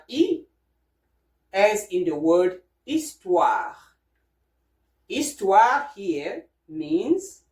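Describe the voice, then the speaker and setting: A woman's voice: fairly low pitch, far from the mic. A woman teaching a beginner French lesson, spelling out letters one by one and checking in with the listener often. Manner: patient, repeats and spells out letters, checks in with "okay?". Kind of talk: slow beginner language lesson. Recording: roomy, from away from the mic.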